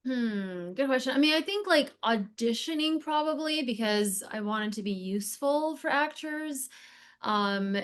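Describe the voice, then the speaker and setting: A woman with a slightly high voice speaks as a casting guest on a casual podcast. She drifts off topic and fills her talk with "like" and "um". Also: expressive, a little slow. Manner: chatty, digressive, many fillers like "like" and "um". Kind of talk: casual interview conversation.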